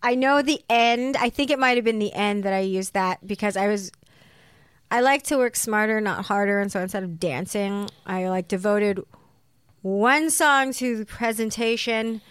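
A woman's voice: mid-range voice, normal speed, clean tone, no room sound. A woman guest on a comedy podcast, telling frank, bawdy stories in casual banter.

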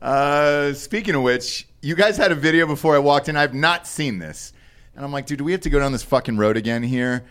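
Guy hosting a podcast, crude jokey banter, mid-pitched voice. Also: brisk, fairly bright tone, smooth. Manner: loose, crude, joking. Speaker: podcast host. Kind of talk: casual bar-style podcast banter.

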